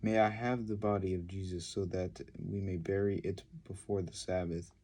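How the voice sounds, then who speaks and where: A man's voice: sits low, fairly even intonation, moderate pace, warm tone, slight background noise. A man reading out the polite request of a respectful secret believer, in a plain voice. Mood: earnest.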